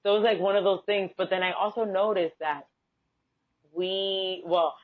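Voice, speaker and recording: A woman's voice: mid-range voice, moderate pace, narrow, tinny audio. A woman with a Bronx Dominican accent whose first language is Spanish, telling stories as an interview guest and acting out the voices in them. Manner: animated storyteller, acts out quoted exchanges. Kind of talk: casual interview chat.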